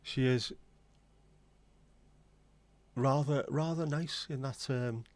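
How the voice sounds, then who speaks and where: An English livestream host takes his time in this casual chat, his medium-pitched voice recorded without echo. He is blunt and opinionated, and his talk meanders through asides.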